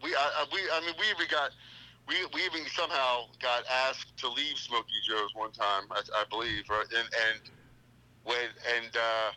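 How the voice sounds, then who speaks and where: A man's voice: medium pitch, steady tone, normal speed, bright, forceful tone. A middle-aged man calling in for a casual chat, rambling eagerly through old stories. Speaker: guest on the phone. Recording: tinny phone line.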